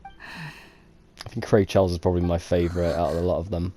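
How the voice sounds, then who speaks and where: A man's voice: low voice, fairly even intonation, fairly quick, warm tone, faint music behind. A man chatting casually while playing a game, rambling, laughing easily and swearing. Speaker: let's-play gamer. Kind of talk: casual commentary chat.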